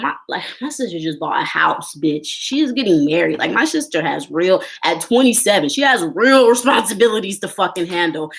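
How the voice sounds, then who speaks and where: A woman in her twenties rants straight to camera, blunt and heated, with curses in almost every line. Her voice sits at an ordinary middle pitch. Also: expressive, fairly quick, creaky. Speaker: vlogger.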